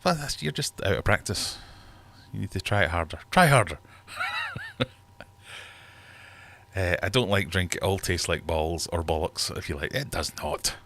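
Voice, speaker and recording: This British man in his thirties has a low, slightly bright voice and speaks fairly quickly. He hosts a casual livestream from his fish room, rambling and joking as he reads out viewer comments, with a little background noise.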